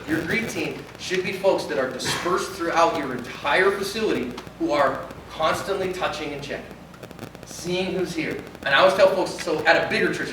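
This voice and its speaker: A man who is a pastor, giving an animated conference talk and acting out little dialogues. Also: fairly high pitch, slight background noise. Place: large conference hall. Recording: echoey hall from far off.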